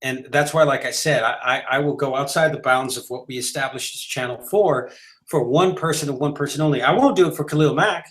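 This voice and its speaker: A man's voice: medium pitch, fairly quick, fairly bright tone. A man co-hosting a live sports talk show, arguing emphatically and rambling with frequent restarts and fillers. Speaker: podcast co-host.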